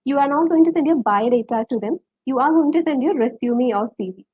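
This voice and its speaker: A woman's voice: high-pitched, animated, a little fast, husky, no room sound, highs cut off. A woman with a Malayali accent teaching a live online English lesson, quizzing viewers and reading out their names and answers.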